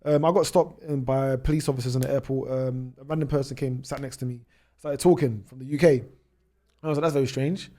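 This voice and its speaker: A British man in his twenties, a travel YouTuber, telling stories as a podcast guest. He jumps ahead quickly and restarts his sentences often. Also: mid-range voice, steady tone, mellow. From United Kingdom. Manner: rapid anecdotes with many restarts. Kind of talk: storytelling in a podcast interview.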